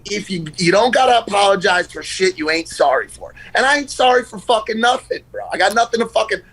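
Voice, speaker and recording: High-pitched guy rambling and cussing on a podcast call. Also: animated, fairly quick, a bit bright, slightly rough, low-quality recording. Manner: loose, rambling, swears a lot. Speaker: podcast guest. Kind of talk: casual chat.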